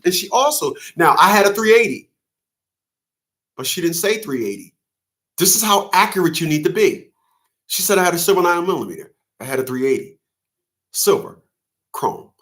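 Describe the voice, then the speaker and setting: A man's voice: on the high side, sharp tone. A middle-aged man, a fathers' advocate and host, talking casually and animatedly straight to camera. He rambles and curses, with many restarts. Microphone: camera facing the speaker.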